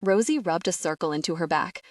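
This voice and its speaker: A woman narrating a romance audiobook with expressive storytelling, recorded close to the mic. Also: fairly low pitch, fairly quick, dry recording. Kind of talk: scripted narration.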